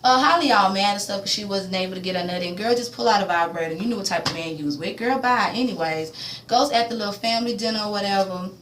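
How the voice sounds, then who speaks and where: A woman casually recapping a TV episode in slangy talk, acting out the characters' lines with loud reactions. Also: medium pitch, fast, roomy sound, background noise. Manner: animated, slangy, acts out quotes. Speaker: TV recap vlogger.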